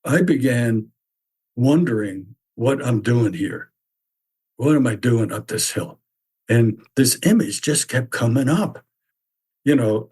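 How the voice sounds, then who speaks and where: A man's voice: mid-range voice, a little mellow, husky. A man in his seventies telling a reflective personal story as a podcast host, musing aloud with many questions to himself. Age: 70s. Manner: musing, full of rhetorical questions.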